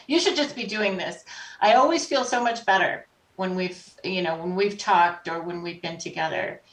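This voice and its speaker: A woman guest on a podcast, telling stories in an animated, conversational way and acting out the voices of people she met. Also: on the low side, moderate pace. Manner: animated, acts out quoted voices. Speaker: podcast guest, life coach. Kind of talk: conversational storytelling. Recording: roomy echo, distant from mic.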